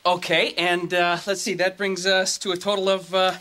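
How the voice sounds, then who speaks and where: Cheerful, easygoing newlywed husband. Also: male voice, high-pitched, level tone, normal speed. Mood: upbeat. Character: handsome young husband, easygoing. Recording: loud hiss, old TV sitcom audio.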